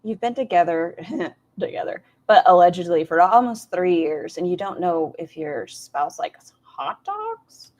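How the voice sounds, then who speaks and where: A woman's voice: on the low side, sing-song, measured pace, few pauses, darkish tone, lo-fi sound. A woman hosting a reaction stream, making wry, snarky comments on clips and chatting with viewers.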